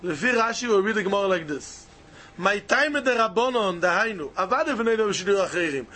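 A man's voice: high voice, animated, brisk, pushed and bright. A man teaching a Talmud lesson, arguing both sides of the question aloud and hammering points home through repetition.

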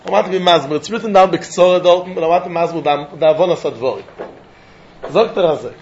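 High-voiced man giving a Talmud lecture. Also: fast talker, dull audio, a little hiss or hum. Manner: lively, questioning, mixes English with Yiddish and Hebrew terms. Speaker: Talmud teacher.

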